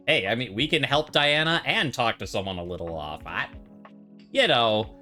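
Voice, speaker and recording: Male game streamer, fairly low and bright, loose rambling commentary, faint game music behind. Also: big pitch swings, moderate pace. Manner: casual, rambling, thinking aloud. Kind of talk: let's-play commentary.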